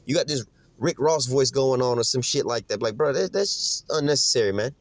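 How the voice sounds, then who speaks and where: A man in his own casual commentary, talking fast and rambling through restarts. His voice sits at a middle pitch. His speech is slangy and peppered with profanity, and the recording is dry with no room sound. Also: no echo. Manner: slangy and profane, keeps adding "man" and "you know what I'm saying".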